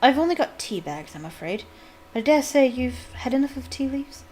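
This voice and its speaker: A woman voicing a calm, kindly male wizard teacher as she reads a novel aloud, speaking softly and unhurriedly. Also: high-pitched, moderate pace. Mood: gentle.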